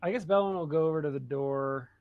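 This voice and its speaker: A man's voice: fairly high pitch, fast talker, no echo, phone-quality sound. A man playing a tabletop game, talking in an unsure way as he thinks aloud about his moves. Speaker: player. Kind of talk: casual tabletop play.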